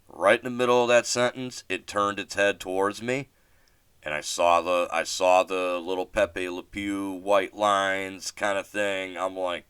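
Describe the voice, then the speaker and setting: A deep-voiced man tells a story on his solo podcast, rambling and restarting, and he swears casually. His voice is smooth and clear, recorded dry and close. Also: steady tone, measured pace, fairly bright tone, dry recording. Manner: rambling, many fillers and restarts. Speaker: podcast host.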